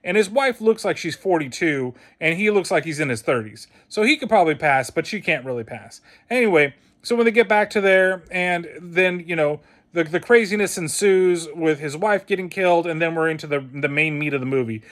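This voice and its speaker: A man with a somewhat higher-pitched voice talks through a film review in a loose, casual way. He is blunt and swears constantly, and his delivery has a scornful, mocking edge. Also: expressive, fairly quick, fairly bright tone. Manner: blunt and heavily profane.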